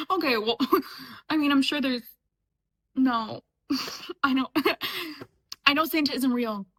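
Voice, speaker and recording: A woman's voice: high voice, takes it slowly, long pauses, a bit bright, rough recording. A young woman from upstate New York, chatting casually and sarcastically as she reacts to clips, often laughing. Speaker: reaction vlogger. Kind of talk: casual chat.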